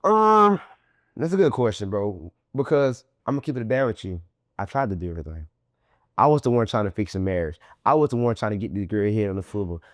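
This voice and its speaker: A man being interviewed as a guest, telling his story in animated, profane slang and acting out what others said in a raised voice. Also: on the low side, brisk, no echo, studio quality. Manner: acts out quoted people in a raised voice.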